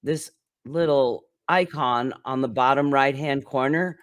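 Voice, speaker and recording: A man's voice: medium pitch, a little slow, clean tone, dry recording, clean studio sound. A man teaching an English grammar lesson, patiently explaining with many examples and occasional fillers.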